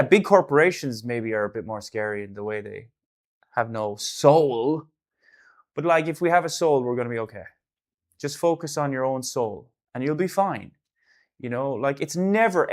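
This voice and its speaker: An Irish artist hosts a casual live stream, rambling loosely and now and then erupting into sudden loud bursts. He is a man with a medium-pitched voice.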